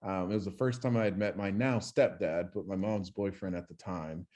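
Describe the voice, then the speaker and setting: A man's voice: deep voice, normal speed. Young man telling stories casually. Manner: animated storyteller, swears freely. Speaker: podcast co-host. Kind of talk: casual chat.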